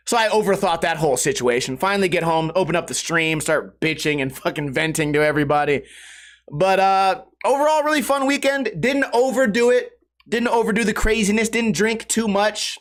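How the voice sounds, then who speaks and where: High-voiced man rambling through a story. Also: brisk. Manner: profane, rambling, self-mocking storytelling; raises pitch sharply when acting out others. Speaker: podcast host. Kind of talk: casual storytelling monologue.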